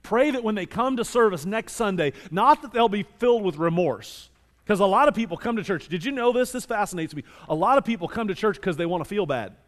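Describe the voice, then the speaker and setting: A male pastor preaching a sermon with animated delivery, moving between loud emphasis and quiet scripture reading. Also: high-pitched, a little fast, in a large hall.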